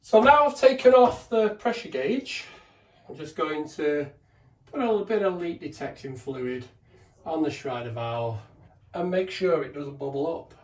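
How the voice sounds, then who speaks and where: A man's voice: a little high, expressive, measured pace, darkish tone. A man talks through a boiler strip-down step by step, casual and practical, the way a trainer explains a job while doing it. His voice rings a little in a roomy space. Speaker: gas engineer trainer. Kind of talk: hands-on demonstration narration. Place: indoors beside a boiler.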